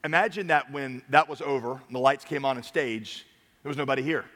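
A man preaching a sermon from a church stage, swinging between loud urging and quiet earnest talk. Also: medium pitch, fairly quick, long reverb tail. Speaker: pastor.

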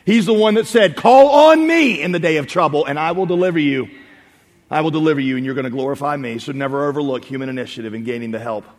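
In a church sanctuary, a male pastor delivers a sermon, his voice wrapped in long hall reverb. He pitches high for a man and preaches with animation, rising to loud calls before falling to hushed asides.

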